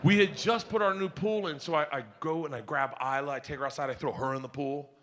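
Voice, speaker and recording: A middle-aged man performing a stand-up comedy set on stage, telling rowdy stories loudly with big swings. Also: a little high, fast, background noise. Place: comedy stage before a live audience.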